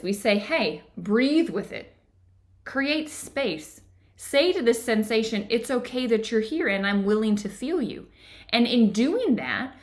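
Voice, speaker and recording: Book club host, woman, middle pitch, earnest and encouraging, keeps asking the audience questions. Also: a bit bright. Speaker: book club host and yoga therapy teacher. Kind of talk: casual book discussion with read-aloud passages.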